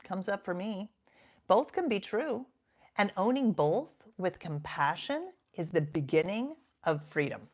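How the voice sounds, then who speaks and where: A woman in her fifties, a coach talking reflectively and earnestly, sometimes sinking to a soft half-whisper for emphasis. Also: medium pitch, very animated, a little slow. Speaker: coach and podcast host. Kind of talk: reflective self-help talk.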